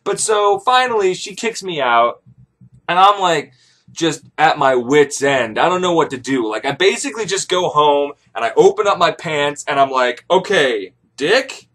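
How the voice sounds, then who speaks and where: A male comic storyteller retelling an old tale in the first person. He is loose and profane and goes off on rambling jokes. His pitch sits slightly high and swings widely. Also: lively intonation, moderate pace, a bit bright. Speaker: comedic storyteller.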